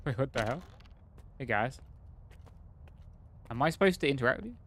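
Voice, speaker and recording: Guy streaming a game, rambly, lots of ums, just thinking out loud, mid voice. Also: medium pitch, animated, normal speed, a little hiss or hum. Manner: rambling, thinking aloud, many fillers. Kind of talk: casual gameplay commentary.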